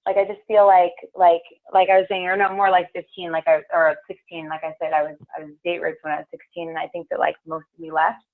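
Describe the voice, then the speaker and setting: A woman's voice: on the low side, level tone, fast, hardly any pauses. A woman leading a meditation group, chatting in a rambling way full of fillers, then guiding the group through a grounding meditation. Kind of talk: casual chat and guided meditation. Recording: tinny phone-like lo-fi recording.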